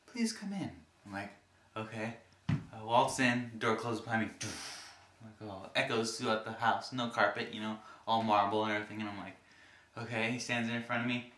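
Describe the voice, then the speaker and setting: A man casually telling stories to the camera in an animated way, acting out the people he met. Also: on the low side, moderate pace, echoey room.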